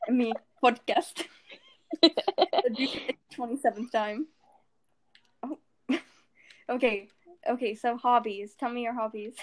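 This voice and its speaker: Speaking slowly with long pauses, this teenage podcast co-host has a voice on the high side with a darkish tone. Her casual chat is giggly and rambling, and she trips over her words.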